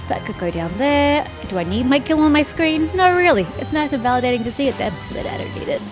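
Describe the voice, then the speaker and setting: A woman's voice: sits high, wildly swooping pitch, quick pace. A woman gamer with a sore throat, giving sarcastic, chatty commentary while she plays. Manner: sarcastic, chatty, teasing characters. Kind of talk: let's-play commentary. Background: faint game music.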